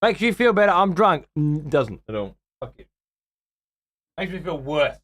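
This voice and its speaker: A man's voice: a little high, sing-song, moderate pace, fairly bright tone, dry recording. Sarcastic, sweary man streaming. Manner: profane, sarcastic banter. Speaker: livestream host. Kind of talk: casual chat with viewers. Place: room at home.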